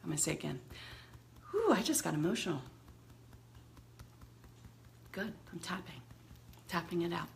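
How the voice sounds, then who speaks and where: A woman teaching an emotional tapping technique in a chatty, expressive way, laughing often and acting out venting as examples. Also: fairly low pitch, fairly quick, vocal fry, a little hiss or hum. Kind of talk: instructional talk demonstrating tapping.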